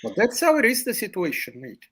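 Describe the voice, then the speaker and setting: Man playing a high, husky, bouncy fake-australian lad, says mate a lot. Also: huge pitch swings, fairly quick, fairly bright tone, full character voice. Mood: pleading. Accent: put-on Australian. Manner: ends lines with "mate", pleading. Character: young man doing a mock Australian son, whiny.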